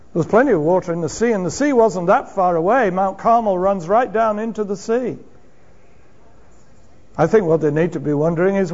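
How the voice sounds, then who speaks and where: A man with a high voice preaching a sermon from the pulpit. He speaks with steady emphasis, asks his congregation rhetorical questions and chuckles now and then. The recording sounds dull and lo-fi.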